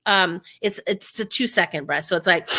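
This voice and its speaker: A woman speaking coach as an interview guest, energetic and acting out inner voices as she explains. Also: lowish voice, moderate pace.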